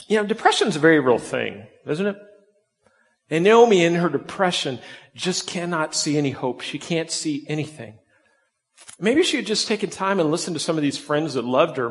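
A man's voice: fairly high pitch, in a large hall. A man preaching a conversational sermon, his voice rising and dropping for emphasis. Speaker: pastor.

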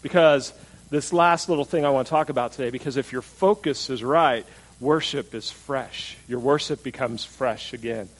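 A man's voice: medium pitch, moderate pace, poor audio. Conversational male pastor preaching. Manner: conversational preaching, asks the congregation questions; acts out quoted attitudes in mocking voices. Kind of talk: sermon.

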